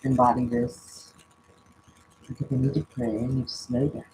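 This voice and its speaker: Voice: medium pitch, flat delivery, moderate pace, a little mellow, slight background noise, rough recording. A spiritual coach giving a casual oracle card reading and prayer at home, musing aloud and often trailing off mid-thought.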